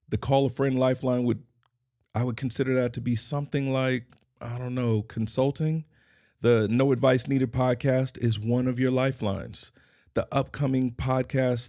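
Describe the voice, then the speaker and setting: A man's voice: medium pitch, creaky, darkish tone, no room sound, clean studio sound. A middle-aged man hosting his own podcast, delivering a scripted motivational monologue in emphatic, repeated declarations. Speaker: podcast host and consultant.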